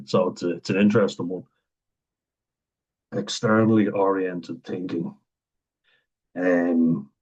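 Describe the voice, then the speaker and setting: A man talking casually to camera, thinking aloud with frequent chuckles and pauses. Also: sits low, breathy edge, muffled recording. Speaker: vlogger talking about autism. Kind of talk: casual unscripted monologue.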